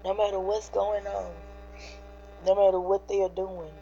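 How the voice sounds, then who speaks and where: A woman's voice: mid-range voice, flat delivery, normal speed, mellow. A woman, teary-eyed and earnest, hosting a livestream to encourage her viewers. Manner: earnest, preachy, speaks to chat directly. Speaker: livestream host. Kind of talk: emotional encouraging livestream chat. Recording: dull lo-fi livestream audio with faint hum.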